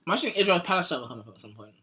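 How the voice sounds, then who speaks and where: A man's voice: high-pitched, sing-song, rapid-fire, pushed and bright. A young man hosting a casual podcast, rambling and joking, now and then sliding into silly put-on voices. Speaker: podcast host.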